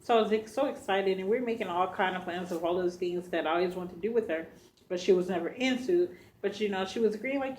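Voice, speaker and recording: A woman's voice: mid-range voice, quick pace, a little mellow, slight background noise. Chatty woman telling a personal story. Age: adult with a child. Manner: chatty, addresses viewers as y'all, many fillers. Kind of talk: casual storytelling to camera.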